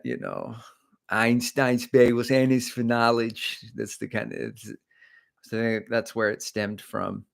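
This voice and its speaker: A man's voice: lowish voice, gravelly, fairly bright tone. A middle-aged man and running coach, hosting a casual livestream and rambling through opinions and asides. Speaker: running coach and channel host.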